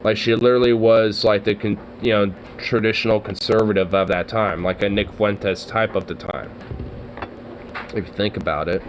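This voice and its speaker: A man talks in a loose, rambling way, full of swearing and fillers. He gets excited easily and keeps trailing off mid-thought. There is a faint hiss of noise behind him. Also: lowish voice, normal speed, rough recording. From Oregon, US. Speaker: streamer. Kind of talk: casual rambling chat.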